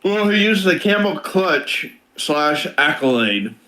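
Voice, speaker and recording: A man's voice: on the high side, animated, slow, sharp tone, rough recording. A man co-hosting a casual wrestling review, chiming in with corrections and extra details. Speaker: podcast co-host.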